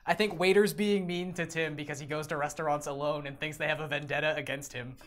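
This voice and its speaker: A man's voice: a little high, steady tone, quick pace, fairly bright tone. A man co-hosting a podcast who ribs his friend with dry sarcasm. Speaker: podcast co-host. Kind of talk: casual chat.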